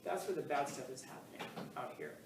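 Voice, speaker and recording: A male teacher with a medium-pitched, creaky voice gives a brisk, casual lecture, joking around and filling it with fillers and questions to the class. The recording is echoey, taken in a classroom with the mic far away and faint noise.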